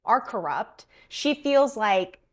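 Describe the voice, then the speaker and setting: A woman's voice: a little high, slow pace. A woman co-hosting a podcast, chatting casually and acting out lines as she recaps a drama episode. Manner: animated storytelling, acts out quotes. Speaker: podcast co-host.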